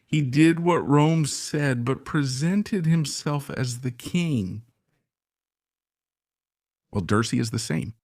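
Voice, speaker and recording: A man's voice: mid-range voice, slow pace, pauses often, a little mellow, no room sound, studio quality. A man giving opinionated current-affairs commentary, repeating his points with emphasis and pressing rhetorical questions. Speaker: political commentator.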